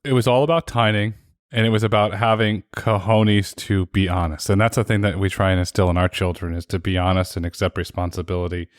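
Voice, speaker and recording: A man hosting a podcast interview, speaking in a measured, reflective way. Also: low-pitched, steady tone, dry recording, studio quality. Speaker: podcast host. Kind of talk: interview conversation.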